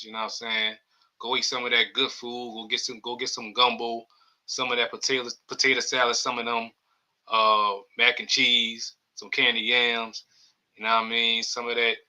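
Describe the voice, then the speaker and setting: New man, podcast host, loose rambling chat, very bright tone. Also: mid-range voice, highs cut off. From New Orleans area. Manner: loose, rambling, reads chat comments aloud. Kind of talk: casual live-stream sports chat.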